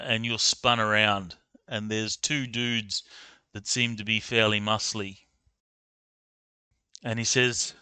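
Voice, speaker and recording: A man's voice: on the low side, bright, forceful tone, smooth, no room sound. A man narrating a tabletop game as game master, hesitant, with many ums and uhs.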